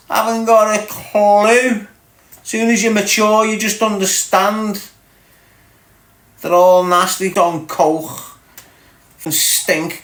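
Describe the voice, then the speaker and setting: A man's voice: high voice, fairly bright tone. A man with a Liverpool Scouse accent hosting a livestream, bantering crudely and teasing viewers as he reads the chat. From Liverpool, England. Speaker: livestream host reading chat. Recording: echoey room.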